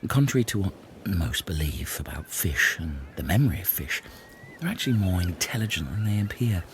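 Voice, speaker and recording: Very deep-voiced man lecturing like an expert. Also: very animated, fairly quick, slight background noise. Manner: lecturing know-it-all tone. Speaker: improv comedy performer. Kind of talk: improvised comedy scene.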